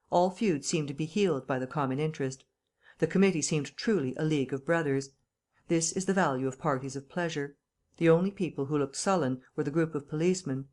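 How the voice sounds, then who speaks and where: Woman reading a novel aloud, measured. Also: low-pitched, a little mellow. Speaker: audiobook narrator. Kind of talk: scripted audiobook narration.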